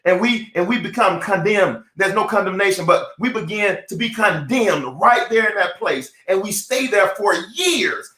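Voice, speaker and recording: Emphatic male motivational preacher, high voice, roomy echo. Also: sharp tone. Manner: fervent, emphatic, repeats phrases. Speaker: motivational speaker. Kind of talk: preaching-style motivational talk. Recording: echoey room.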